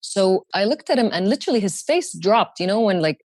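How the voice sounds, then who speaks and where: Woman, 30s, mid-range voice, dry close sound, lively podcast guest storyteller who mimics others. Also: fairly quick, no echo. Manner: animated, acts out quoted voices in a higher pitch. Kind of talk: personal storytelling.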